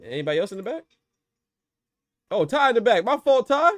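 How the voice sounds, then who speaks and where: A man's voice: sits high, very animated, fairly quick, no echo, clean studio sound. A man hosting a boxing podcast, giving loose, slangy live fight commentary and talking to his chat.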